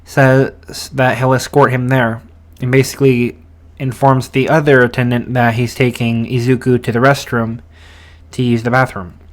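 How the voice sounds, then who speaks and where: A man's voice: medium pitch, level tone, moderate pace. A man casually narrating a fan story, hesitant, with many fillers and restarts.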